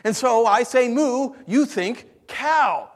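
A man delivers a lively sermon in a notably high voice. He swings between loud, excited points and near-whispers, acting out the voices of his listeners along the way. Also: takes it slowly. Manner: acts out listeners' voices in asides. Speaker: pastor.

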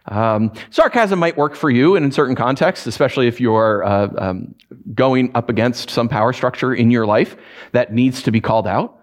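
A man preaching a conversational livestreamed sermon as a pastor, often restarting phrases and moving from emphatic peaks to quiet, low stresses. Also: normal speed.

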